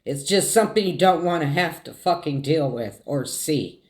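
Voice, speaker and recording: A woman's voice: deep voice, expressive, darkish tone. Emotional middle-aged woman holding back tears. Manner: tearful, halting, repeats words while holding back tears. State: fighting tears. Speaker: vlogger. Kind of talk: emotional story time.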